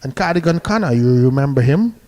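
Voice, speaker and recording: A male cricket commentator with a mellow, warm tone and a middling pitch. He talks in a chatty, easygoing way, calling the play and sending good-morning greetings to listeners between deliveries. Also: animated, brisk.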